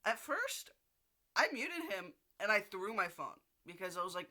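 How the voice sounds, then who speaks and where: A man's voice: high-pitched, lively intonation, moderate pace, pushed and bright. A young man ranting casually in a video diary, swearing often and rambling with restarts. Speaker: video diarist.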